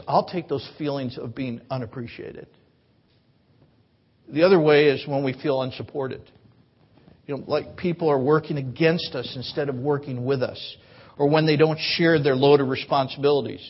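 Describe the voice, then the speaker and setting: This man delivers an earnest, conversational sermon in a church, with a husky, slightly raised voice. The recording is dull and lo-fi. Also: fairly high pitch. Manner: conversational, earnest preaching with repeated restarts. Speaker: pastor. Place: church sanctuary.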